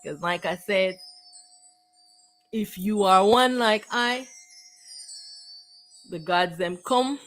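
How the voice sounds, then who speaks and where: A woman's voice: medium pitch, slow pace, pauses often, fairly bright tone, soft background music, rough recording. A woman giving a repetitive, declamatory spiritual monologue. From Jamaica. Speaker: spiritual teacher.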